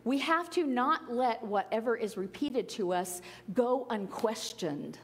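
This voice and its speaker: A woman's voice: fairly high pitch, lively intonation, a little slow, big-room sound. A woman giving an earnest, conversational spiritual talk with playful asides. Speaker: spiritual teacher. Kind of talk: sermon-style talk.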